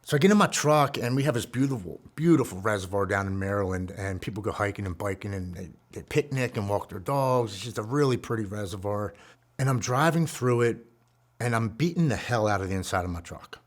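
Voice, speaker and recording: A man in his forties with a somewhat low voice tells his own story of struggle and recovery. His delivery is earnest and raw, heartfelt as he relives painful memories. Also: expressive, fairly quick. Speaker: guest speaker sharing a recovery story. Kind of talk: personal storytelling.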